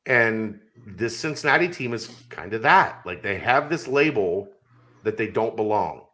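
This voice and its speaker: A man's voice: fairly low pitch, lively intonation, a little slow, bright, forceful tone. A man talking sports casually on a podcast as a guest, making his points emphatically. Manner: emphatic, argumentative.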